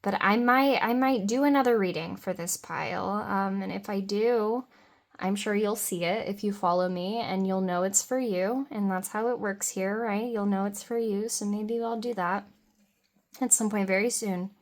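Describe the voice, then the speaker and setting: A woman's voice: medium pitch, normal speed. Female tarot reader, young adult, enthusiastic and free-flowing, talking straight to the viewer. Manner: dreamy, meandering, enthusiastic, with soft laughs. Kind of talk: pick-a-card tarot reading.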